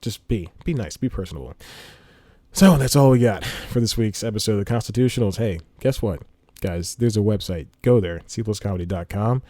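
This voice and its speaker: A man's voice: lowish voice, dark tone, no echo. A man hosting a podcast in a rambling, casual monologue, laughing between phrases, speaking into a studio microphone. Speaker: podcast host. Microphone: studio microphone with headphones.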